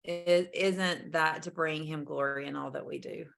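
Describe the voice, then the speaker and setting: A woman hosts a casual faith conversation in a low, gravelly voice. She speaks in a heartfelt, affirming way. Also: steady tone, unhurried, fairly bright tone. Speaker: host.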